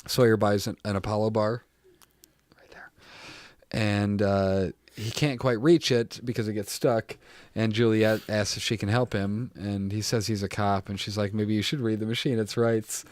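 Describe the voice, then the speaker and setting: A man's voice: fairly low pitch, fairly even intonation, moderate pace, darkish tone, no echo, clean studio sound. A young man co-hosting a podcast, animatedly retelling TV scenes with quoted lines and casual swearing. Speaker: podcast co-host. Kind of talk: casual chat recapping a TV show.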